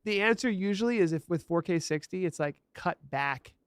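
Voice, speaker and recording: A man's voice: high voice, expressive, brisk, clean tone, dry recording. A man co-hosting a live streaming tech podcast, explaining hardware in casual, enthusiastic chat. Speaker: podcast co-host.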